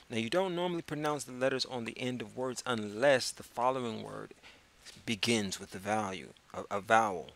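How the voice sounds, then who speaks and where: A man teaching a casual beginner French lesson, spelling words out letter by letter and repeating phrases slowly. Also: mid-range voice, vocal fry, a bit bright. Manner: slow, spells words out letter by letter, drawn-out repetitions. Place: public access TV studio.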